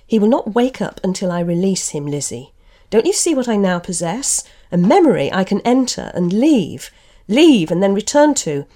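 A woman reading aloud the part of an excitable young male writer and showman from a novel. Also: mid-range voice, normal speed, few pauses. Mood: excited.

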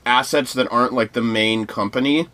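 Man, podcast co-host, casual news talk, halting reading, frequent fillers. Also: mid-range voice, fairly even intonation, pushed and bright. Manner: reads news aloud with hesitant fillers.

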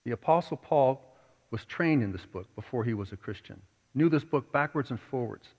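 A man's voice: medium pitch, animated, normal speed, a little mellow, husky. A man preaching a sermon to his congregation, earnest and conversational, building to emphatic points. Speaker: pastor. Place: church sanctuary. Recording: dull recording with long hall reverb.

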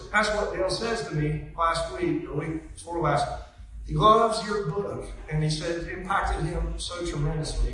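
A woman preacher spins a chatty, animated story for her congregation. Her voice is bright and tense. It rings through a very echoey church hall, picked up from some distance with faint ambience behind. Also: deep voice. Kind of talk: storytelling sermon.

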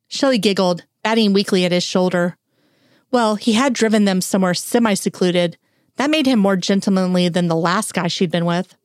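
A woman's voice: mid-range voice, fairly quick, no room sound, clean studio sound. A woman narrating an audiobook in a wry, lightly humorous storytelling manner.

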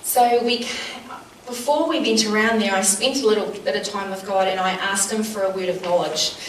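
A woman shares faith stories with a small group, earnest and animated, pausing on fillers as she goes. Her voice sits in a middle register. It reaches the mic from a distance in an echoey room with a faint hum of ambience. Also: mid-range voice. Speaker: church speaker. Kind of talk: teaching with personal testimony. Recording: roomy sound from a distant mic, faint background noise.

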